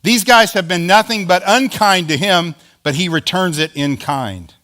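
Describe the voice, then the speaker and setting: A man's voice: high voice, moderate pace, sharp tone. A male pastor preaching a sermon in a conversational, emphatic way, acting out quoted lines.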